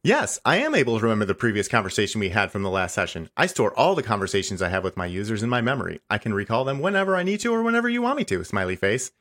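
A man reading the lines of a stubborn, passive-aggressive male AI chatbot in a comedy podcast, insisting he is right and tacking on a deadpan "smiley face". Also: lowish voice, very fast, hardly any pauses. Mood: helpful. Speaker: podcast host. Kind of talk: comedic dramatic reading of a chat log.

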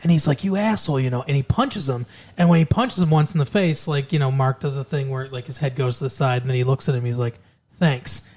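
A man's voice: mid-range voice, fast talker, few pauses, a little mellow. A man co-hosting a casual chat, rambling through a movie plot and loosely acting out the characters' lines. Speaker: podcast co-host.

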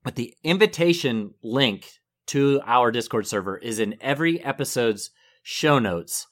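A northern US man co-hosts a relaxed podcast, chatting easily and laughing often. He tends to trail off mid-sentence, then restart the thought. His pitch is medium and his pace a little slow.

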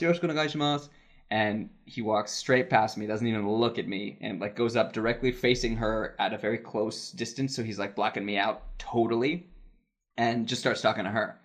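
A man in his thirties on a casual podcast, telling a work anecdote with frequent fillers and laughs. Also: on the low side. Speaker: podcast co-host, voice actor in Japan. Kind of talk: casual podcast chat, storytelling.

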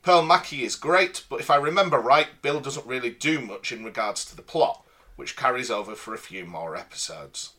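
Man, podcast cohost, teasing and jokey, bright tone. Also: mid-range voice, expressive, moderate pace. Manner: teasing and jokey, reading listener messages. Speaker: podcast co-host. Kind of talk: casual podcast chat.

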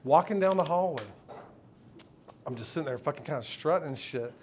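A man's voice: fairly high pitch, animated, a little fast, darkish tone, slight background noise. A man telling a candid, profane personal story at a live storytelling event, often laughing along with the audience. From United States. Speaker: storyteller on stage. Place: live stage before an audience.

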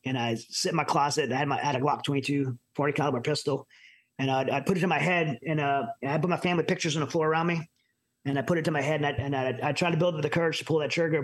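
A middle-aged man from the United States telling his personal story as an interview guest, earnest and halting with many restarts. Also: a little high. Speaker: podcast guest.

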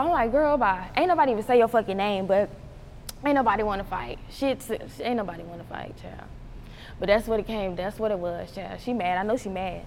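A young woman rapper from North Carolina, telling stories in an animated way, acting out quotes and laughing often. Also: medium pitch, fairly quick. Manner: animated storytelling, acts out quotes, laughs a lot. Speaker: rapper, interview guest. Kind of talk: casual interview chat. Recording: roomy hall with faint noise.

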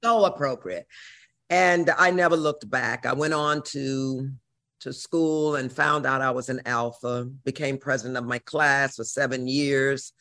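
A Missouri woman in her sixties tells her life story as an interview guest, brassy, profane and dramatic. Her voice is extremely low, pushed and bright, with fairly even intonation and a slightly slow pace.

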